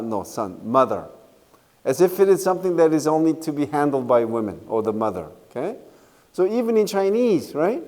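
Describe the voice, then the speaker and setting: A middle-aged man with a Korean accent giving a university lecture, unhurried and often checking in with "okay?" and "right?". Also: fairly high pitch, warm tone. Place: lecture hall. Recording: lecture hall with long reverb.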